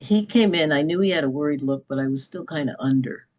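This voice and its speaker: A woman's voice: low-pitched, fast, darkish tone. A middle-aged woman, a podcast guest, telling a personal story with emphasis and often checking in with "okay?".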